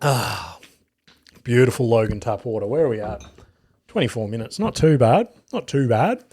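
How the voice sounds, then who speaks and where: A man's voice: mid-range voice, moderate pace, husky, no echo. Profane Australian man telling stories. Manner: profane, animated storyteller with acted quotes. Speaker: podcast host. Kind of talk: solo podcast storytelling.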